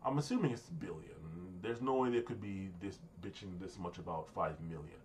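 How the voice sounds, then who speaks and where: A man's voice: low-pitched, normal speed, a little hiss or hum. An American man venting in a casual, profane political rant to camera, rambling and repeating himself. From United States. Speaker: vlogger.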